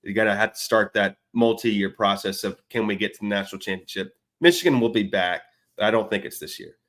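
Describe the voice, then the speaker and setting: Man, low voice, casual football talk, rambling, self-mocking. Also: fairly quick, fairly bright tone. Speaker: podcast co-host. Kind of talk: casual sports chat.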